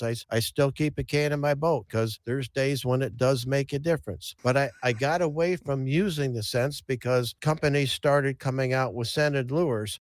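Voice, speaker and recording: Folksy fishing tales come from this podcast host and angler, told casually with frequent restarts and repeated words. His voice is medium in pitch, and the studio-quality recording has no echo.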